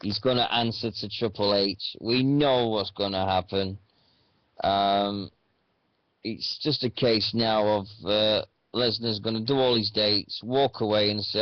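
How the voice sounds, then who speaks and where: A man's voice: on the low side, fairly even intonation, unhurried, dry recording. A man hosting a radio show, chatting casually about wrestling in a rambling, hesitant way. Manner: rambling, hesitant with many fillers. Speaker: radio host. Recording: dull dry sound.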